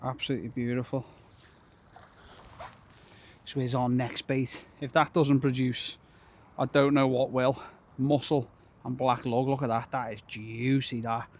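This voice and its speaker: A man's voice: mid-range voice, flat delivery, a little slow. A man talking casually to camera as a fishing vlogger, chatty, grumbling and poking fun at himself on a riverbank. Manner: chatty, grumbling and self-mocking. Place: outdoors on a windy riverbank. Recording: loud wind noise on the mic.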